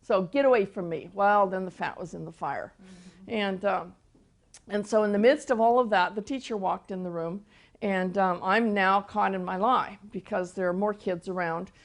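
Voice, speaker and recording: An older woman teaching through personal testimony, soft-spoken and storytelling, often repeating words as she gathers her thoughts. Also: medium pitch, steady tone, normal speed, vocal fry. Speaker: Christian teacher and author.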